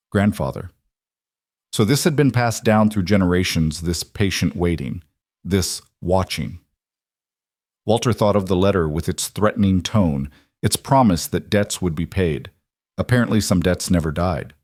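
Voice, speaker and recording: A man narrating a suspense story in a measured, scripted way. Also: low-pitched, a little mellow, no echo, clean studio sound.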